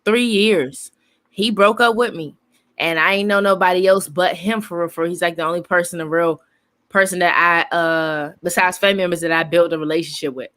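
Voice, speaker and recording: A young woman co-hosting a casual group chat, telling a story in an animated, slangy way with frequent laughter. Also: fairly low pitch, a little fast. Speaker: co-host.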